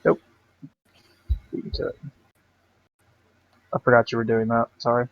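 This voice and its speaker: A man's voice: medium pitch, level tone, a little slow, creaky, no echo. A man playing a tabletop game, talking casually through the rules, sometimes mumbling. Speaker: player. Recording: dull lo-fi recording.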